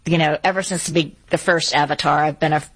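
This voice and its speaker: A woman's voice: deep voice, steady tone, fast talker, fairly bright tone, breathy edge, poor audio. A woman co-hosting a pet radio show, chatting in a rambling, enthusiastic way. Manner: rambling, enthusiastic, with filler words. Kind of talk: casual radio chat.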